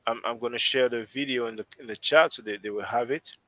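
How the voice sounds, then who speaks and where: A man's voice: medium pitch, fast talker, pushed and bright, no room sound, rough recording. A man with a French accent hosting a casual live stream discussion, rambling and often restarting his sentences as he thinks aloud. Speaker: host.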